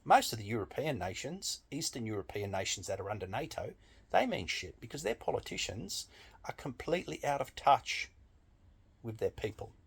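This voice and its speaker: A man's voice: mid-range voice, sing-song, normal speed, gravelly, slightly rough. A man delivering a blunt, emphatic opinion monologue with frequent swearing. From Australia. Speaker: political commentator.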